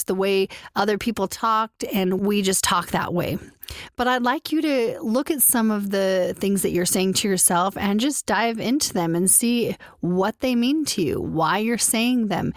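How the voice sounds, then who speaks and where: A woman hosting a podcast, talking gently and encouragingly to the listener about her own habits. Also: medium pitch, no room sound, studio quality. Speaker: podcast host. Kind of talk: reflective solo podcast talk.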